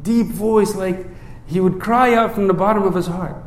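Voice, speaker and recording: High-voiced priest preaching in an echoey room. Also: male voice, normal speed. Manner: conversational, often adds "right?" to check in with listeners; repeats words at the start of phrases. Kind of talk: sermon.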